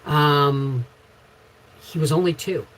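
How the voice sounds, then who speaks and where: Husky middle-aged woman, frank and rambling. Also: low voice, slow pace, rough recording. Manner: frank rambling storyteller with sudden loud bursts. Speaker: homestead channel host. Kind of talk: casual livestream chat answering viewers.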